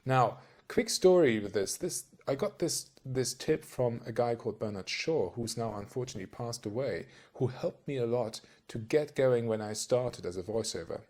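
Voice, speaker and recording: A voice-over coach gives a casual talk-to-camera tutorial in a medium-pitched, slightly mellow voice at normal speed with hardly any pauses. He speaks straight to the viewer in a chatty, rambling way, often checking in with questions.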